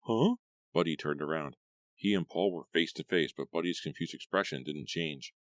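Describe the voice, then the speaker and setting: A man narrating an audiobook story with expressive storytelling. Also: rumbling low, normal speed, dry recording. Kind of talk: scripted narration.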